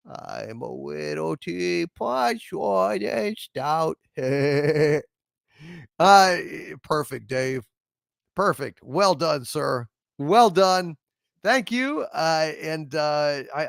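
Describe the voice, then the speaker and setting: A man with a gravelly, fairly high voice hosts a live stream and reads out viewer messages. He rambles and chuckles, with drawn-out fillers, and his pitch swings widely while his pace stays slow. The sound is dry and close to the mic. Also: fairly bright tone, dry recording. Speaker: host of a live-streamed variety show. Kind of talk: casual live-stream chat reading super chats.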